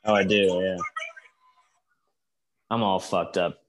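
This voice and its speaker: A man's voice: low voice, little pitch movement, slow pace, slight background noise. A man co-hosting a podcast, chatting loosely and cursing often as he watches along. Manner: loose, profane, jokey. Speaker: podcast co-host. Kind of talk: casual watch-along chat.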